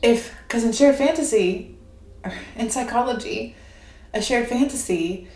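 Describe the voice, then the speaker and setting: A woman tarot reader talking in an animated, rambling way and laughing often. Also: on the high side, a little slow. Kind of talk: casual spiritual monologue. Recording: echoey room with faint noise.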